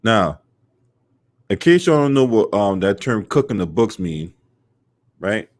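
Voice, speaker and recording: A man with a low-pitched voice and hosts a casual commentary stream. He talks loosely, swears freely and fills his sentences with "um" and "you know." He calls out to viewers in his chat as he goes. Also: sing-song, measured pace. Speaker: host of a sports and politics channel.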